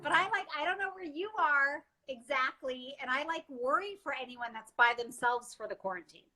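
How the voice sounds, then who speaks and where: A woman's voice: high voice, normal speed, bright, forceful tone, rough recording. A woman hosting a casual live chat from indoors on a phone, bubbly and chatty, laughing often. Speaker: livestream host. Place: indoors at her quarantine lodging.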